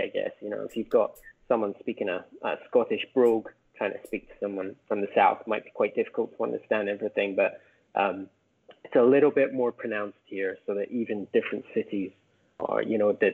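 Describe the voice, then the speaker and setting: A man's voice: on the low side, creaky, husky. A man from the UK, a podcast guest and author, chatting casually and rambling with many fillers and restarts. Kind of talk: casual chat. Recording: tinny phone-like call audio.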